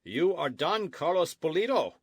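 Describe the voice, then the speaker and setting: A man's voice: on the high side, very animated, normal speed, no echo, voice pushed up. A blunt army sergeant repeats his orders without budging, as a man puts him on for an audiobook. His speech is short and clipped, recorded dry and close. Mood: curt. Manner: curt, repetitive, matter-of-fact. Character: blunt, stubborn military sergeant.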